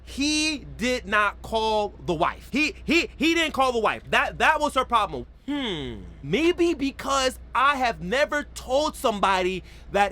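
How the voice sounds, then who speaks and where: A man's voice: extremely high pitch, sing-song, measured pace, few pauses, bright, forceful tone. A young man doing casual reaction commentary, rambling and slangy, who swears and argues with the clip.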